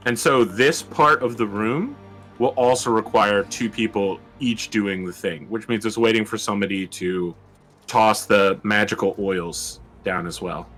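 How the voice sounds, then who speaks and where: A man's voice: lowish voice, unhurried, soft background music. A man narrating as game master in a tabletop game session. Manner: easygoing, animated narration.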